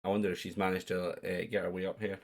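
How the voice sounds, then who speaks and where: A man's voice: deep voice, little pitch movement, fast talker, creaky. A Scottish man casually hosting a live-stream quiz, chatty and jokey as he reads out questions. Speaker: quiz host.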